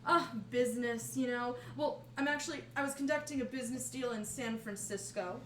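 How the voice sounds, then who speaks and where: A cheerful jewelry dealer who loves a good gossip, voiced by a woman. He is friendly, upbeat and chatty, and his voice sits fairly high. The sound is echoey and distant, with music running underneath. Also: brisk, a bit bright, slight background noise, natural voice.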